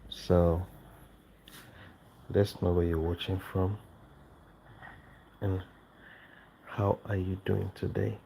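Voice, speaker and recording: A tired man chats quietly with his viewers late at night while holding his baby. His voice is very low and mellow, with a gravelly edge. He speaks unhurried and weary, and a faint background hum sits behind him. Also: level tone, low-quality recording. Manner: soft-spoken, slow and weary, talking to viewers and his baby. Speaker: vlogger father live streaming. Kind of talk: casual late-night livestream chat. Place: home at night.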